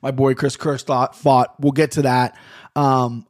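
A man hosting his own podcast, rambling casually and swearing a lot as he talks into a boom-arm studio mic in his home office. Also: little pitch movement, a little fast. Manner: rambling, profane, chatty. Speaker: podcast host. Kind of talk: casual solo podcast monologue.

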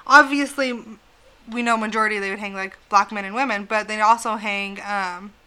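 A woman's voice: mid-range voice, fairly even intonation, moderate pace, sharp tone, clean tone. A woman hosting a casual podcast, telling a spooky legend in a chatty way, swearing freely and laughing often. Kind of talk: casual chat.

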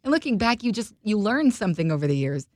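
A woman's voice: mid-range voice, sing-song, quick pace, a little mellow, no echo, studio quality. A woman co-hosting a casual chat, telling a story with lots of expression and laughter. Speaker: co-host.

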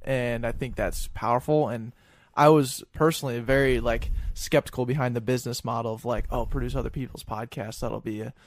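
A man's voice: medium pitch, fairly even intonation, brisk, dry recording. A man hosting and producing a podcast, easygoing and agreeable, thinking aloud with fillers. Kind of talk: casual podcast conversation.

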